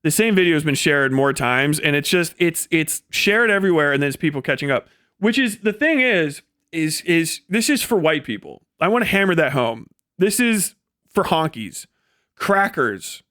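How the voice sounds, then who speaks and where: A man's voice: fairly high pitch, very animated, moderate pace, bright, forceful tone, no echo, studio quality. A young man ranting on a livestream, profane and mocking, slipping into sneering impressions of others. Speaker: live streamer. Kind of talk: angry political rant on a livestream.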